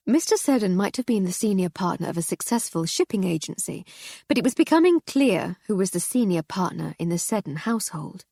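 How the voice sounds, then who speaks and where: A woman narrating an audiobook in a wry, measured storytelling manner. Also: fairly low pitch, lively intonation, vocal fry, a little mellow, husky, no room sound, clean studio sound.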